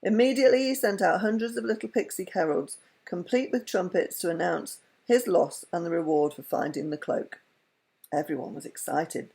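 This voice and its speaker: A woman reading a children's story aloud with an expressive, lilting delivery. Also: on the low side, normal speed, creaky, breathy edge.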